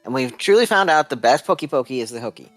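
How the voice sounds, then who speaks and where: Man, Texan accent, game co-commentator, dry jokes, very animated pitch, dry close mic. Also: fast talker, no echo, soft background music. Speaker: tournament commentator.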